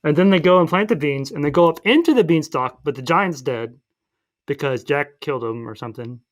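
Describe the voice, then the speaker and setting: A man's voice: on the high side, expressive. A man co-hosting a podcast who recaps a film in casual, rambling chat. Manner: rambling, retells scenes with quick voiced asides. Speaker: podcast co-host.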